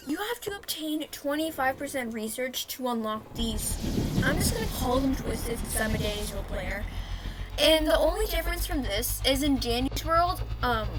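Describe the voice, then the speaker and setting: Chatty high-voiced woman gamer. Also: a bit bright, poor audio. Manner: rambling, self-correcting, chatty. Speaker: gaming video host. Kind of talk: casual gameplay commentary.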